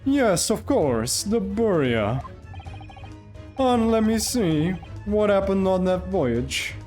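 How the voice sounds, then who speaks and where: A man's voice: high voice, big pitch swings, darkish tone, faint music behind, voice pushed up, exaggerated voice. A man voicing an eccentric musing detective, Sholmes. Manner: slow, drawn-out, musing delivery. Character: eccentric adult male detective, theatrical.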